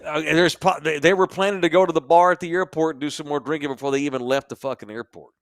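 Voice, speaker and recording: A man's voice: on the high side, quick pace, no echo. Man, crude comedic storytelling, mocking, dry close mic. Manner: profane, animated, mocking. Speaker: podcast co-host. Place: sports bar studio.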